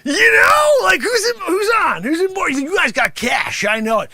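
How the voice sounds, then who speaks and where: A man playing a brash, greedy karate sensei who shouts, hard-sells and scolds his class in an improvised comedy bit. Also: very high-pitched, big pitch swings, normal speed, exaggerated voice. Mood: boastful hustling. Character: brash loud-mouthed male karate sensei, greedy and bossy. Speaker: host. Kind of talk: improvised comic character monologue.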